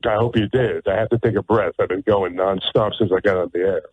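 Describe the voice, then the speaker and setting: A man's voice: low-pitched, steady tone, brisk, husky, no room sound. A man hosting a talk radio show, talking in a sarcastic, emphatic way and often repeating words. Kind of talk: opinionated talk radio monologue. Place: radio studio. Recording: tinny narrow-band radio audio.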